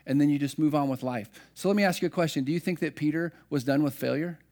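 A man's voice: on the high side, fast talker, darkish tone. A middle-aged man preaching a sermon, telling personal stories in a conversational, self-deprecating way. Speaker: pastor.

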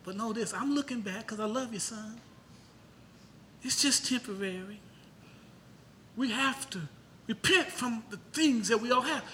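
Male pastor, very high and sharp-toned, preaching with loud bursts and rhetorical questions. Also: slight background noise. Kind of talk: sermon.

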